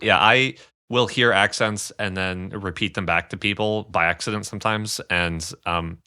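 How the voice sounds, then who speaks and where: A man who is the storyteller of a tabletop game podcast, reading the outro and chatting in a relaxed, self-deprecating way. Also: on the low side, normal speed, clear, resonant tone, no room sound, clean studio sound. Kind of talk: podcast outro and casual chat.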